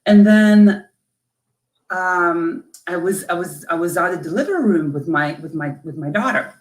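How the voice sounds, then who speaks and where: A woman from Lithuania, a coach, telling a personal story in an interview with an emotional, halting delivery full of restarts. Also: fairly low pitch, echoey room. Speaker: guest, coach.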